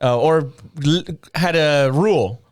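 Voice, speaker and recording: A man chatting casually on a comedy podcast, given to thoughtful asides and often clearing his throat. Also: on the high side, takes it slowly.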